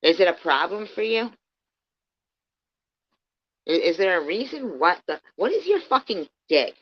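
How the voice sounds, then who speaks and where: On a livestream, a low-voiced woman rants angrily at someone she despises, swearing constantly as she swings between muttering and loud outbursts. Her heated delivery is sing-song at a measured pace, and the stream audio is dull and lo-fi.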